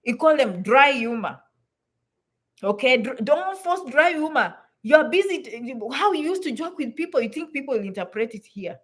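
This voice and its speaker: A woman's voice: high-pitched, very animated, moderate pace, fairly bright tone, slightly rough. A woman from Africa, giving blunt, emphatic advice to immigrants and repeating points for stress. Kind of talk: direct-to-camera advice talk.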